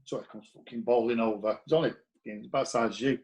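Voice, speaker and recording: A man's voice: mid-range voice, steady tone, fast talker, darkish tone, low-quality recording. A man, a former footballer appearing as a guest, telling stories in a blunt, profane way and acting out quoted dialogue. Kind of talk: casual anecdotal storytelling.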